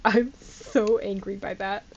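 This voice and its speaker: A woman's voice: mid-range voice, steady tone, takes it slowly, muffled recording, slight background noise. A woman streamer chatting casually over gameplay, talking to her viewers with exasperated disbelief and laughing at herself. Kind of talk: casual live gameplay commentary.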